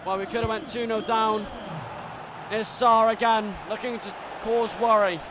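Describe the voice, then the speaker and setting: A young man calls his own football video game in a very high voice. He rants about poor defending and yells when the goals go in, like a fired-up fan doing commentary. A clear layer of background noise runs under the stream. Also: level tone, a little slow. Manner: swings between frustrated ranting and shouted goal calls.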